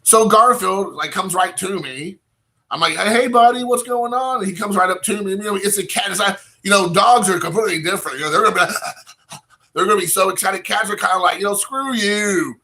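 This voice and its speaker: Speaking fairly quickly, a young man rambles through a lengthy story from his own life, with "like" in almost every sentence. His slightly high voice rings bright and sharp as he slips into quoted dialogue from himself and others.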